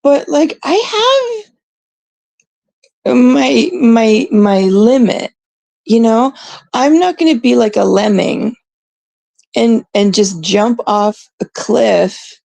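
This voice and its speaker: A woman's voice: fairly high pitch, expressive, takes it slowly, gravelly, pauses often, a little mellow, dry recording. A Canadian woman in casual, unscripted talk to her chat, blunt and rambling, swearing often. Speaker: streamer talking to chat.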